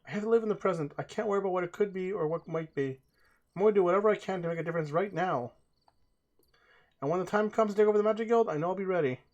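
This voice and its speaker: Man doing earnest young female mage, pitched up, steady and determined. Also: racing, muffled recording, lightly acted. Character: earnest young woman mage, guild heir.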